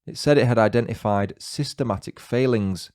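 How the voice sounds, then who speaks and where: A northern English man narrates true crime in a measured, scripted delivery and drops in dry, wry asides now and then. His voice sits at a middling pitch, and the recording is dry, with no room sound around it. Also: a little mellow, dry recording. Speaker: podcast host.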